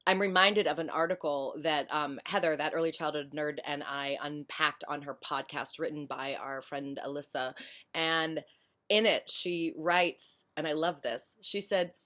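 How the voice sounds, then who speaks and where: A woman educator talking frankly and passionately about teaching practice in her own lower-pitched voice. She leans hard on key points and speaks emphatically. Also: steady tone, measured pace, sharp tone. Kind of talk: casual spoken commentary.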